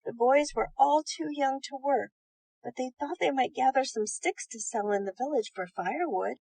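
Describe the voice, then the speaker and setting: A woman reading bedtime stories aloud in a gentle, soothing manner. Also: high-pitched, moderate pace, creaky, husky, poor audio. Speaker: storyteller.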